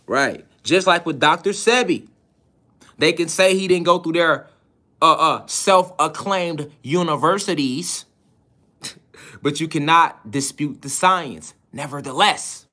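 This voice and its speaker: A man with a somewhat high voice gives a preaching-style lecture to his students. He presses the listener with rhetorical questions and repeats key phrases for emphasis. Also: slow pace, sharp tone. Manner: hammers points with rhetorical questions.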